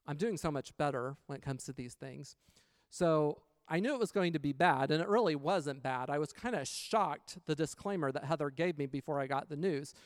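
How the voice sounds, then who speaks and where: Smooth-voiced man telling a story. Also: on the high side, moderate pace, no room sound, clean studio sound. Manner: chatty, retells scenes with quoted dialogue, faith-based reflection. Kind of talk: casual personal storytelling.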